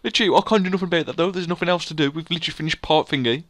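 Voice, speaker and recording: Hosting a laid-back let's play for his gaming channel, a young man jokes around excitably and keeps saying "literally." His pitch is fairly high, he speaks very fast, and there's no echo.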